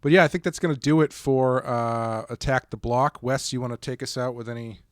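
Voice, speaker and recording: A man talks casually as a podcast co-host and wanders through his points, restarting and correcting himself as he goes. His voice sits at a middle pitch for a man. The recording is dry and close. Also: fairly quick, no room sound. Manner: rambling, self-correcting, relaxed. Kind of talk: casual chat.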